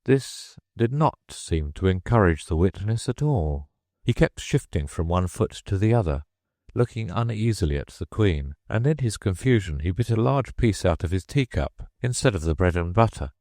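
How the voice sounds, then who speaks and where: A man's voice: low-pitched, moderate pace, no room sound, studio quality. A man reading a children's classic aloud as an audiobook narrator, telling it expressively. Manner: expressive storytelling. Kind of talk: scripted narration.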